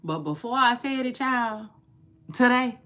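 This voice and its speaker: A woman's voice: on the high side, animated, measured pace, a bit bright. Drawling chatty woman vlogger. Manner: chatty, repeats herself, drawling asides. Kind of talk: casual gossip commentary.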